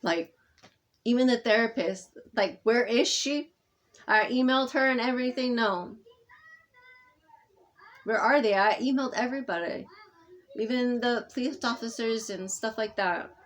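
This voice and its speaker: A woman talking to camera in an unscripted personal monologue, halting and rambling with many fillers and restarts, moving between soft murmuring and loud insistence. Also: a little high. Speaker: vlogger speaking to camera.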